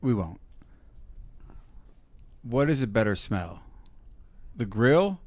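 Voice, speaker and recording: A man co-hosting a casual podcast, telling stories in an animated way, swearing often and laughing as he talks. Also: mid-range voice, slow pace, no echo. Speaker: podcast co-host. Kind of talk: casual profane chat.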